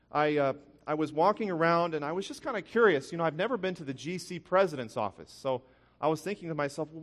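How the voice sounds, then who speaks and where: A man preaching a sermon, telling a personal story earnestly, with frequent restarts. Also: fairly high pitch. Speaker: pastor. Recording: long hall reverb.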